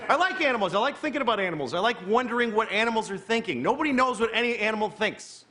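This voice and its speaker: A man in his fifties performing live stand-up, telling stories in an animated, conversational way on a club stage with a handheld mic. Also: high-pitched, rapid-fire, noisy background. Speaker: stand-up comedian. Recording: live show with loud crowd laughter. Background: audience laughter.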